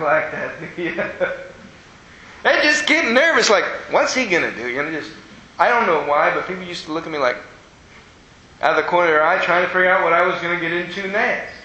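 A man preaching a conversational sermon, telling stories with animation and playful asides to his listeners. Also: bright, forceful tone. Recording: echoey room with faint rumble.

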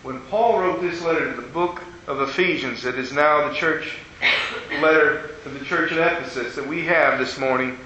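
A man's voice: on the high side, bright, forceful tone, slight background noise. A man preaching a sermon, telling a story in a folksy way and acting out the voices of the people in it. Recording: dull, echoey hall with faint ambience.

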